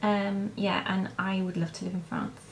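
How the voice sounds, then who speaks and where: A woman's voice: mid-range voice, flat delivery, normal speed, creaky, slight background noise. A young woman vlogger answering viewer questions in a casual, rambling way, with lots of hesitations and restarts. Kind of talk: casual chat to camera.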